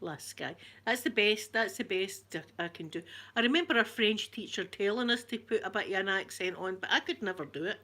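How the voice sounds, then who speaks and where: A woman's voice: mid-range voice, a little fast, sharp tone. A woman with a broad Glaswegian accent, hosting a casual live-stream chat, greeting viewers by name and laughing often. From Scotland. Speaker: ASMR channel host.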